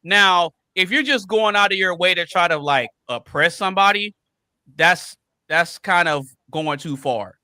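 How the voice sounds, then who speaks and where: A man's voice: sits high, a little slow, sharp tone, no room sound. A man on a podcast panel talking casually and emphatically, repeating phrases to drive a point home.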